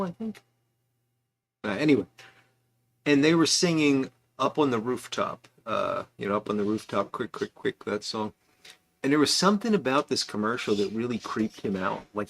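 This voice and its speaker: A man hosting a casual livestream, chatting loosely and reading out viewer comments with asides. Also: lowish voice. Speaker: livestream host.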